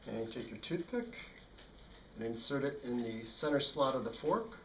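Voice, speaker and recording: A man tells a childhood story in a relaxed, matter-of-fact way, with a dry, wry edge. His voice sits at an ordinary pitch for a man. The recording is roomy, with the mic set some distance away. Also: moderate pace, a little hiss or hum. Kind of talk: casual spoken storytelling.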